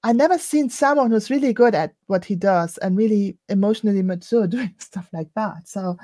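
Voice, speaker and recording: A woman's voice: medium pitch, moderate pace, dry recording. Reflective woman podcast co-host, dry sound. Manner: reflective, gently laughing. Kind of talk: casual chat.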